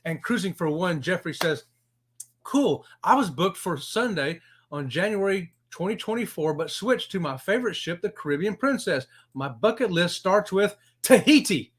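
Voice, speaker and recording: A man's voice: high-pitched, expressive, normal speed, slightly rough. A man co-hosting a casual cruise livestream, reading viewer comments in a folksy, upbeat way. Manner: folksy and upbeat, says y'all and howdy. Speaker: co-host of a cruise channel livestream.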